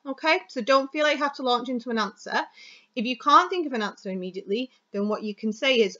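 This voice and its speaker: A woman teacher giving a chatty, fast, expressive lesson on delivering speeches. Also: fairly high pitch, muffled recording. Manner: chatty, fast and expressive, stressing words for effect.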